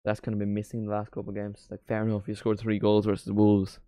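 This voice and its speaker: A man's voice: on the low side, completely flat delivery, quick pace, warm tone, smooth, no echo. A man hosting a live football watchalong, chatting casually with a jokey, rambling manner.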